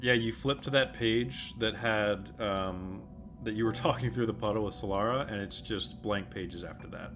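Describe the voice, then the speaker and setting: Low-voiced male game master. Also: normal speed, a bit bright, soft background music. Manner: laid-back, many ums and laughs. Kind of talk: narrating a tabletop game.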